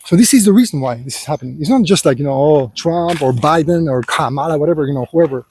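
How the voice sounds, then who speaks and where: A man's voice: on the high side, lively intonation, fast talker, a little mellow, slight background noise. A man speaking in an unscripted personal monologue, rambling and full of filler phrases as he lectures the listener and calls him "son". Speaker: vlogger.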